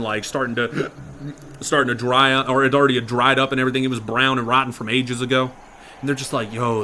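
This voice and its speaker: A man improvising a horror story in a casual, profane way, dropping to a hush and then getting loud. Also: medium pitch, slight background noise. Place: virtual reality chat room.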